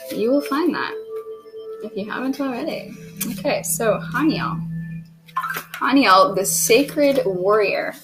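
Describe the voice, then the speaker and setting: Lady doing a chill tarot reading, slow and chatty, a bit apologetic, keeps clearing her throat. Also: on the high side, over music, rough recording. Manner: chatty, apologetic and self-deprecating. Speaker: tarot reader.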